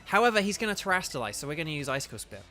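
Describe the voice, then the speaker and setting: A man's voice: fairly high pitch, big pitch swings, rapid-fire, bright, forceful tone, soft background music. A man streaming a video game, giving casual commentary and playful asides as he reads the game's text aloud. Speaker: gaming streamer and voice actor.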